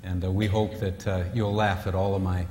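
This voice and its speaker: A man's voice: deep voice, level tone, normal speed, heavy background noise. A man giving a humorous talk on marriage at a retreat, acting out husbands and wives in raised voices. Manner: joking, acts out quoted spouses in raised voices. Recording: distant reverberant hall with faint ambience.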